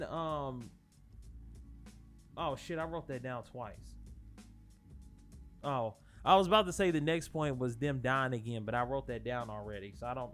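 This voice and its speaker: A man hosting his own channel, rambling casually through spoilers with lots of swearing, fillers and restarts. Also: mid-range voice. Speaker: channel host.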